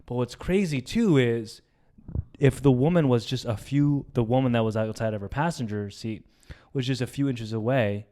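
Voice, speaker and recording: Smooth-voiced young man telling a story. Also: mid-range voice, normal speed. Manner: animated retelling, acts out quoted voices, swears. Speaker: podcast co-host. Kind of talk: casual storytelling.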